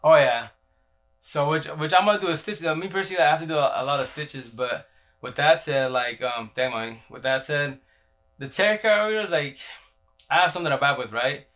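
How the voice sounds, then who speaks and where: A man's voice: fairly high pitch, brisk, a bit bright. Rambling, slangy man talking on a live stream. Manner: repeats himself and restarts often. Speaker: livestreamer. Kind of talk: casual livestream talk.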